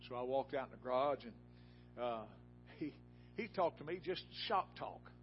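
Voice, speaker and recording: A man's voice: medium pitch, expressive, unhurried, muffled recording, soft background music. Folksy preacher man. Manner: folksy storytelling, rising to loud emphatic peaks. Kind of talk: sermon with personal story. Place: church.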